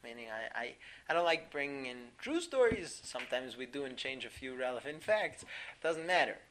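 A man teaching a class through a story, animated, laughing often and filling pauses with "um". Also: medium pitch, rough recording. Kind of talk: storytelling lesson.

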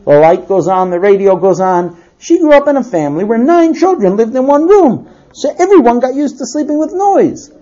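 A woman telling a lively story as part of a talk. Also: a little high, normal speed, few pauses. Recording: dull lo-fi recording.

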